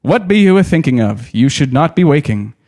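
Guy doing a jolly old forest spirit voice, sing-songy country talk, higher than his own voice, storybook reading. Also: big pitch swings, brisk, darkish tone. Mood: hearty. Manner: rustic sing-song speech.

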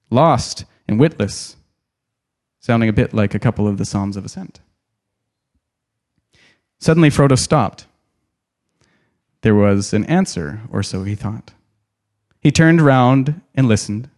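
A man reading a novel aloud in an expressive, dramatic way, pausing to add his own comments. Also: mid-range voice. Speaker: storyteller.

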